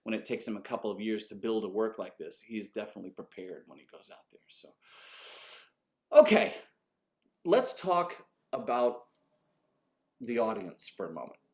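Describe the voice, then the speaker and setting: A man, an orchestra conductor, telling a story in an animated, conversational way and swearing casually. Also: on the low side, moderate pace, long pauses.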